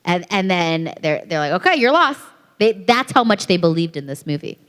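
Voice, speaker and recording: A woman answering questions on a convention panel, telling an anecdote in a lively way and acting out the other people in it. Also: lowish voice, normal speed, smooth. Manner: animated storyteller, acts out voices in anecdotes. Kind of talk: casual panel Q&A. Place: large convention hall. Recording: long hall reverb.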